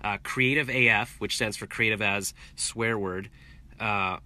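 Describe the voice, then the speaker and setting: A man's voice: fairly low pitch, unhurried, pushed and bright. A man vlogging casually from his home, rambling and joking in a self-deprecating way. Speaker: vlogger and voice actor. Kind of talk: casual vlog.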